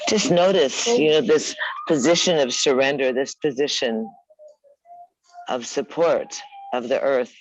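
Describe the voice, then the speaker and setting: A woman teaching a live yoga class, giving unhurried, coaxing cues and teasing her students by name. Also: very deep voice, soft background music, rough recording. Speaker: yoga instructor.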